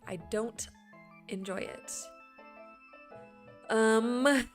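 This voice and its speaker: A woman's voice: on the high side, drawn-out words, faint music behind. A woman streaming a building game, chatting with her viewers in a rambling, playful way and laughing often. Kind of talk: casual chat with stream viewers while building.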